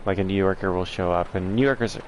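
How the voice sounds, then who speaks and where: Man, livestream host, casual chat, somewhat low pitch, rambling, frank, filler-heavy. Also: quick pace, background noise. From southern United States. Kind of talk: casual chat answering viewers.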